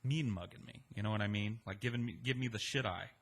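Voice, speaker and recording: Husky, profane male storyteller. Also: fairly low pitch, fast. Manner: profane, animated, conversational. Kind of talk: comedic storytelling monologue.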